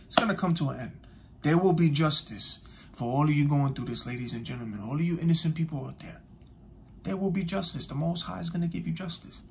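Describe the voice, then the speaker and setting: A man's voice: a little high, a little hiss or hum. A man speaking, giving impassioned online commentary, emphatic and repetitive, addressing his audience directly.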